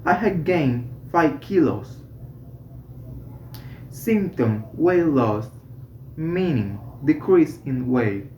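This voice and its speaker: A student slowly reading a medical English textbook aloud, correcting small slips along the way. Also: mid-range voice, expressive, dark tone, a little hiss or hum. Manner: slow, careful reading with self-corrections. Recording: roomy, slightly dull home recording.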